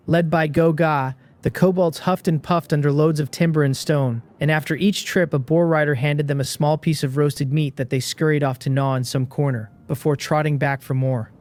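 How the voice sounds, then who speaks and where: A man narrating a fantasy story recap in a steady, measured scripted read. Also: on the high side.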